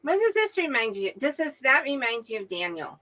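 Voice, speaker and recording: A woman's voice: high voice, big pitch swings, a little fast, pushed and bright. A woman co-hosting a casual Bible study talk show, chatty and eager to interject her thoughts. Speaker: co-host.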